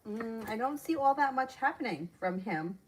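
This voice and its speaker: A woman's voice: a little high, lively intonation, normal speed, background noise. A woman reading viewers' questions aloud and answering them as a tarot reader on a live stream, chatting and laughing between readings.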